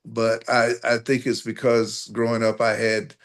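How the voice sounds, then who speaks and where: A man's voice: mid-range voice, unhurried. A man from North Carolina, a guest poetry performer, chatting easygoingly on a video call with folksy sayings. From North Carolina, USA. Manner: relaxed storyteller, folksy sayings and chuckles. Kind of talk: casual video-call interview.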